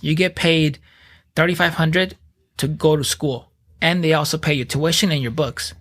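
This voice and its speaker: A man in his thirties, a podcast guest, telling his story in blunt, profane, animated casual speech. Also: on the high side.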